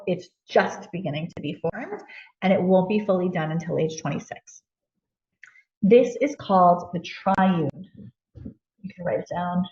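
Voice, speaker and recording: A woman giving a casual teaching talk to parents, speaking conversationally with loose fillers. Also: fairly low pitch. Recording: echoey room, distant mic, dull lo-fi.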